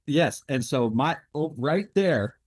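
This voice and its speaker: A man's voice: a little high, lively intonation, slow, a little mellow, husky, no room sound. A man in his thirties hosting a podcast in casual conversation, rambling and jumping between thoughts with lots of fillers. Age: 30s. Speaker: podcast host. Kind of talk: casual interview chat.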